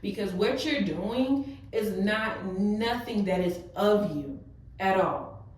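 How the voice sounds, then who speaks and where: A woman's voice: mid-range voice, slow, recorded from a distance. A young woman, talking openly and emotionally to her viewers, full of casual fillers. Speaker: vlogger. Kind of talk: heart-to-heart vlog talk. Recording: echoey room, voice off-mic.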